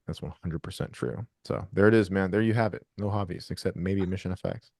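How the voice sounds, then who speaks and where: A man with a low, mellow voice hosts a group video call. He talks in a loose, rambling way, swears freely and restarts his sentences often. The sound is close and dry. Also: brisk, no room sound. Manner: rambling, profane, frequent restarts. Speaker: host of a trading group call.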